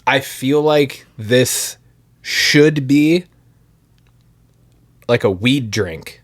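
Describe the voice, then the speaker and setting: A man's voice: medium pitch, expressive, drawn-out words. A man co-hosting a podcast in casual chat, rambling and laughing often as he trails off and restarts. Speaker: podcast co-host. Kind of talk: casual chat tasting a drink.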